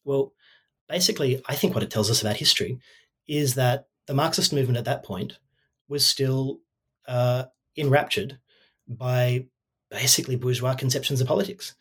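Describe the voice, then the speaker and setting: A man's voice: mid-range voice, normal speed, fairly bright tone, breathy edge. A man talking through an academic argument in a loose, casual way, full of fillers and restarts, as an author discussing his book. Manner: discursive, many fillers like "you know" and "like".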